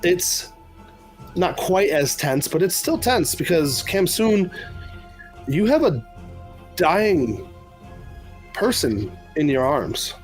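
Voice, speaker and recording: A man's voice: fairly high pitch, sing-song, takes it slowly, pauses often, soft background music. A man running a tabletop game as game master, describing scenes loosely with fillers.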